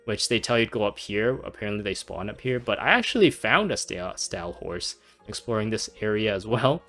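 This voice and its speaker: Chatty lower-voiced man laughing through gameplay commentary. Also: animated, a little fast, bright, forceful tone. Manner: chatty, laughs often, many fillers. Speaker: gaming channel host. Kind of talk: casual let's-play commentary.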